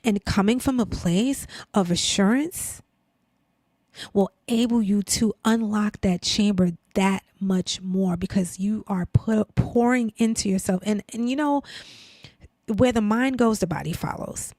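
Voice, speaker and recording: A woman's voice: mid-range voice, unhurried, darkish tone, dry recording. A woman in her fifties hosting a podcast in a casual, heartfelt chat, peppering her talk with "like" and "girl". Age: 50s. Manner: chatty, emotional, heavy use of "like" and "girl". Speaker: podcast host.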